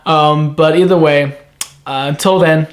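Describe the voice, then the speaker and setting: A high-pitched man talks through an anime episode in a loose, rambling review. His delivery is animated and casual, with plenty of swearing. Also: unhurried.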